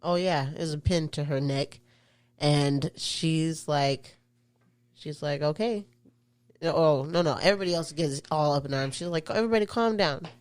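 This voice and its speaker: A co-host on a movie podcast walks through the plot casually, with ums along the way. The voice sits at a middle pitch and sounds dry. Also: steady tone, measured pace, no echo. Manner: recaps plot with fillers. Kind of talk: casual movie review chat.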